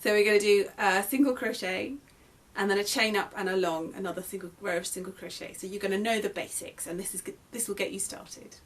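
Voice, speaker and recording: A woman's voice: mid-range voice, steady tone, a little fast, hardly any pauses. A young English woman, a crochet designer, teaching a beginner's tutorial in a chatty, friendly way that often corrects itself as she goes. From England. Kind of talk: casual tutorial.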